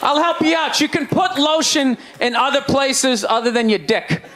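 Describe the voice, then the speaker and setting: A man in his forties doing a stand-up routine on stage, ranting loudly and sarcastically. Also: very high voice, normal speed, a little hiss or hum. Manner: loud ranting delivery, sarcastic. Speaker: stand-up comedian. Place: comedy stage before a live audience. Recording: live show with crowd laughter.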